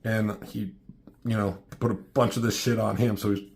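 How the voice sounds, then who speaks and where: A man's voice: lowish voice, little pitch movement, moderate pace, creaky, a little mellow, slight background noise. A man reviewing a comic in loose, casual commentary. His asides are offhand, and he swears freely as he talks through the pages.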